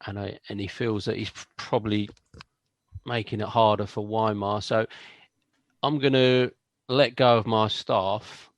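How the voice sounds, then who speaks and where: A man playing a tabletop game, speaking in a halting way with restarts. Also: lowish voice, fairly even intonation, dry recording. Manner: halting, restarts his words. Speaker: player.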